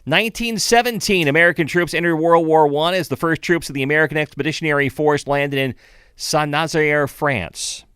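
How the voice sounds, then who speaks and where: Older man, radio host, bright tone, dry studio sound, chatty asides. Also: fairly high pitch, brisk, hardly any pauses, clean tone, no echo. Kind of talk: morning radio show monologue.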